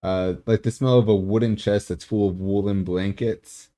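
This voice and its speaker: Low mellow guy going through his nose and palate notes, steady with ums. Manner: methodical, measured with ums. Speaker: whisky taster. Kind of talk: reading tasting notes.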